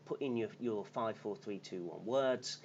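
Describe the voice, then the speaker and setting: A man's voice: on the low side, unhurried, creaky, a little mellow, lo-fi sound, a little hiss or hum. A man teaching an English lesson on a live stream, often checking in with his class by asking "okay?" and "yeah?".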